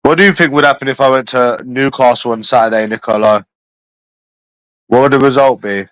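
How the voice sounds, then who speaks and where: A man's voice: medium pitch, steady tone, brisk, fairly bright tone, dry recording, rough recording. A man from London with an English accent, chatting casually on a livestream, swearing constantly and addressing viewers by name. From London, England. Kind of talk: rambling casual livestream chat.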